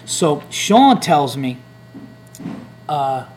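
A man's voice: a little high, sing-song, very slow, darkish tone, slight background noise. Profane man telling a rambling story. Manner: rambling, profane, acts out hecklers' lines. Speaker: comedian podcast host. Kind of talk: casual storytelling chat.

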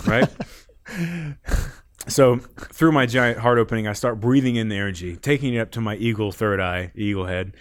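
Lowish laughing man telling a wild tale. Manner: rambling, laughs a lot, swears. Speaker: podcast guest. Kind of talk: casual storytelling.

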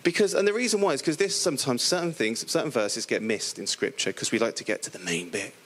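A middle-aged man from the area preaching a lively, playful sermon, acting out the characters in the stories he tells. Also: medium pitch, quick pace, breathy edge. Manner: playful, animated storytelling with voiced characters.

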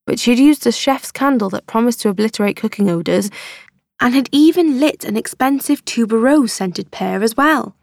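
A woman narrating an audiobook in a measured, even reading voice. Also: a little high, creaky, no echo, studio quality. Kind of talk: scripted narration.

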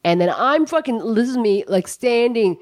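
A woman co-hosting a podcast, telling a story in an animated casual chat that is full of swearing. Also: a little high, normal speed, dry recording, studio quality. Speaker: podcast co-host.

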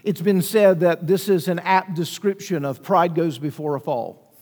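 A man's voice: high voice, normal speed, darkish tone, big-room sound. A man preaching a sermon with emphatic delivery, asking rhetorical questions and acting out quoted lines. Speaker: pastor.

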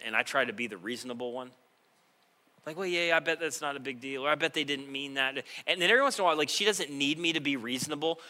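A male pastor preaching a sermon, moving between quiet reflective passages and loud, impassioned stretches. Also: mid-range voice.

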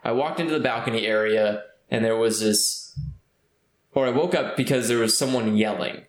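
A man's voice: medium pitch, normal speed. Man, from California, casual rambling storytelling, lots of fillers, roomy echo. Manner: rambling, with many fillers and restarts.

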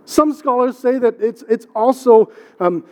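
A middle-aged pastor with a very high voice talks a little slowly as he delivers a conversational sermon, repeating words for emphasis and posing rhetorical questions. The setting is a church sanctuary with long hall reverb.

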